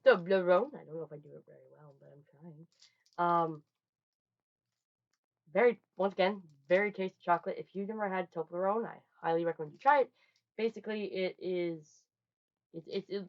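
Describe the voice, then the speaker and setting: A young woman chatting casually through a holiday haul, rambling and restarting, with sudden loud bursts. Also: on the low side, steady tone, a little fast. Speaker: vlogger. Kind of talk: casual show-and-tell haul. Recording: dull lo-fi home recording.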